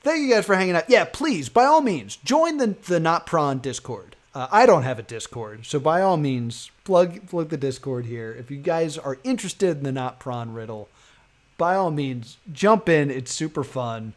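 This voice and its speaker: A man's voice: on the high side, moderate pace. A man streaming live who tells a long story casually, laughing often and acting out the people in it. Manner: animated, laughing, acts out the people in his story.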